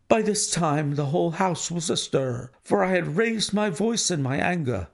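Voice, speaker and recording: A man narrating a classic detective story in a measured, formal first-person telling. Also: a little high, expressive, creaky. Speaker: audiobook reader.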